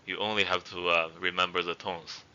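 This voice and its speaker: Male teacher, low voice with a bright edge, unhurried lesson delivery, dull lo-fi sound. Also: flat delivery, clear, resonant tone. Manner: models each word twice, then explains it. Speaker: language teacher. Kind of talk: slow spoken language lesson. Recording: dull lo-fi recording.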